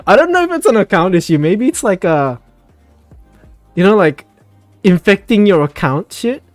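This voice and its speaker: A man's voice: high voice, big pitch swings, unhurried, long pauses, no room sound, faint music behind. A man hosting a casual voice chat, ranting with plenty of swearing and laughter.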